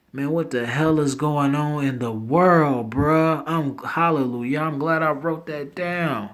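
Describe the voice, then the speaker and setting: A man hosting a casual news commentary, reading headlines aloud and breaking off into rambling, slangy asides and loud disbelief. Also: medium pitch. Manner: reads headlines then reacts with loud disbelief.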